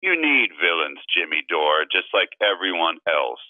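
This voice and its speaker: A man on a phone call, putting on a sly, taunting, menacing actor with a low drawl. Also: big pitch swings, normal speed, no echo. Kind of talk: comedy impression call-in. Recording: tinny dry phone line.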